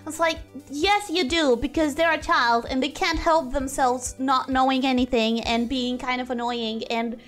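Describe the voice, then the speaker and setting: Her voice is high-pitched and she talks at a normal speed with few pauses while drawing on stream. The young woman rambles in animated, casual chatter, often breaking off mid-sentence, as faint music plays behind.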